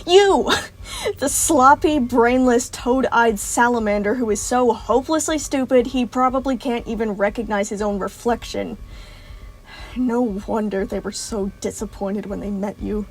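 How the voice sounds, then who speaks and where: A woman's voice: medium pitch, flat delivery, a little slow, creaky, dark tone, slightly rough. A woman voicing a cruel, mocking female tormentor who scolds with contempt, in a fan audiobook reading.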